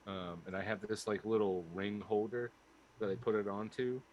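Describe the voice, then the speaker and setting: A man's voice: fairly low pitch, steady tone, moderate pace, a little mellow, muffled recording, slight background noise. A man playing a tabletop game, speaking thoughtfully and hesitantly with many fillers. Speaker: player. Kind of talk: tabletop role-play.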